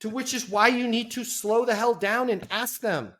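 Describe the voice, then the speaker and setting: A man's voice: sits high, fairly quick, few pauses, a bit bright. A man guesting on a business podcast, teaching sales in an emphatic, punchy way with casual swearing.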